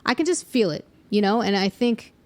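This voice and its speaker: A woman's voice: mid-range voice, expressive, brisk, a little mellow. A young adult woman, a songwriter and middle school music teacher, chatting casually on a podcast and thinking aloud with fillers and small laughs.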